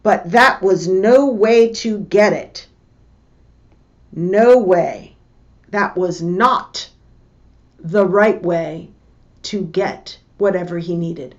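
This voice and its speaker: A middle-aged woman teaching a lesson, telling a family story slowly and deliberately and acting out the voices of the people in it. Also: fairly low pitch. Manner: slow, deliberate, acts out the voices in her story. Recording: dull lo-fi recording.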